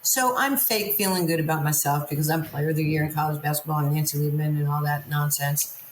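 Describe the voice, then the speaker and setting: In a low, steady voice and at a fairly quick clip, a woman from Queens, New York tells her life story openly as a guest. She narrates vividly, voicing the lines people said to her, with slight background noise and a roomy echo.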